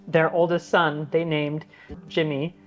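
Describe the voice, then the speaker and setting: A man's voice: on the high side, steady tone, slow pace, dull audio, soft background music. A man talking casually to his viewers, chatty and earnest, telling stories with plenty of fillers. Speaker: vlogger giving an office tour. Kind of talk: casual tour chat to camera.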